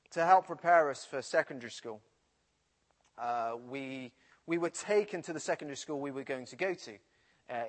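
A man from the English Midlands with a Midlands accent, preaching and telling a personal story from his school days. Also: fairly high pitch. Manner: storytelling, animated retelling.

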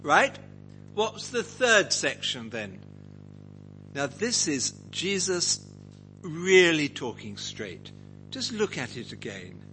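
A man's voice: a little high, very animated, slow, long pauses, bright, forceful tone, soft background music, poor audio. A man teaching a Bible passage to a group, asking them questions and acting out quotes. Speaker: preacher leading a Bible study.

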